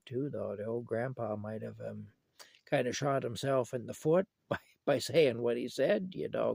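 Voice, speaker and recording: An older man tells family stories in a loose, rambling, folksy way, chuckling now and then while he feels unwell. His voice sits at an ordinary pitch with a gravelly edge. The recording is dry and close. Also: no echo. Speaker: vlogger. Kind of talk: casual storytelling.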